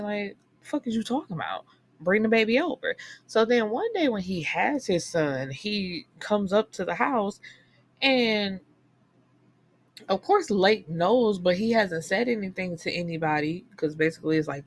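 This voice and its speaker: Animated profane woman recapping a book. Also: medium pitch, moderate pace, a little hiss or hum. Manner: animated storytelling, profane, swings into character quotes. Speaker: book podcast host.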